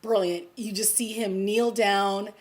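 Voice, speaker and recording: A woman recapping a TV episode in a casual vlog, excited and gushing, with lots of fillers, acting out the characters' lines. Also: measured pace. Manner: acts out quoted lines with raised pitch. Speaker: TV review vlogger.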